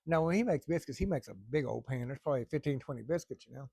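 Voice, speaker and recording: Middle-aged guy rambling thru a family story, gravelly voice, cusses some. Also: medium pitch, animated, fast, mellow, no echo, clean studio sound. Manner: rambling, folksy, salty language. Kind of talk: casual spoken storytelling.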